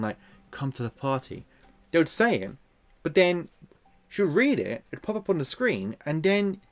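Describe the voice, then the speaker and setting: A man giving a casual, sarcastic film review, animated and exasperated as he rants. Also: medium pitch.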